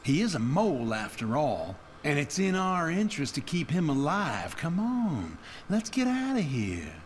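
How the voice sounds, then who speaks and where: A man's voice: on the high side, huge pitch swings, measured pace, a little hiss or hum. An actor playing a male guard in a video game who warns and holds back his violent partner, with game music behind. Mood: urging. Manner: warning, restraining.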